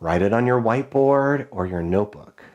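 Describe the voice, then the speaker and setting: A male music teacher leading children through rhythm dictation, chanting rhythm syllables in a high sing-song and giving clear, encouraging call-and-response instructions. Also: expressive, moderate pace, a little mellow, muffled recording. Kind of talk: online music lesson for children.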